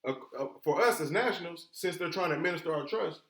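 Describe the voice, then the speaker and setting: A man's voice: on the high side, animated, fast talker, fairly bright tone. A man giving an informal lesson, emphatic and colloquial, posing rhetorical questions and then answering them himself. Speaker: instructor. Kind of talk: informal teaching talk. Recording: echoey room.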